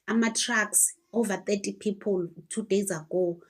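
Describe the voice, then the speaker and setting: A woman's voice: medium pitch, fairly even intonation, normal speed, breathy edge. A woman with a South African accent lecturing her viewers and asking pointed rhetorical questions. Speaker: commentator. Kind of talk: social commentary to camera.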